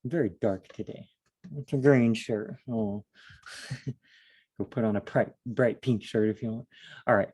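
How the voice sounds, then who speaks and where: A man's voice: medium pitch, mellow, breathy edge. A man leading a casual solo Bible study, thinking aloud in a rambling, self-deprecating way.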